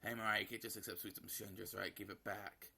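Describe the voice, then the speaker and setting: A man's voice: lowish voice, flat delivery, fast talker, vocal fry, pushed and bright, husky, heavily acted. A man voicing a stern, short-tempered mother who scolds harshly.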